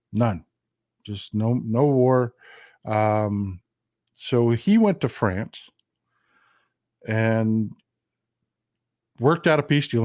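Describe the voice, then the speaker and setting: Male host, casual political commentary, folksy and animated, dry close sound. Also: mid-range voice, dry recording. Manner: folksy, animated, mocks historical figures in quoted voices.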